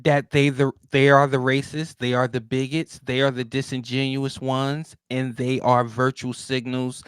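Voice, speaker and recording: A man speaking as a guest on a podcast, emphatic, loud and blunt in heated talk. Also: medium pitch, flat delivery, unhurried, clear, resonant tone, no room sound. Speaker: guest commentator.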